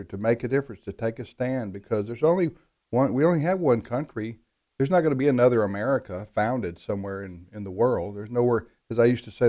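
A middle-aged man talking on a radio talk show, speaking in halting phrases with many restarts. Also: medium pitch, warm tone. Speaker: radio network executive and guest.

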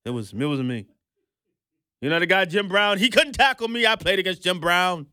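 A man's voice: high-pitched, lively intonation, moderate pace, bright, forceful tone, dry recording, clean studio sound. A man putting on the voice of a muddled elderly politician who repeats himself and tells boastful stories. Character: rambling confused elderly male politician.

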